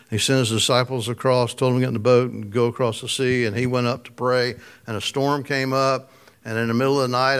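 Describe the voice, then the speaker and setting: A man's voice: mid-range voice, clean tone. A man preaching a casual, conversational sermon, chuckling often and putting questions to his listeners. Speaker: pastor.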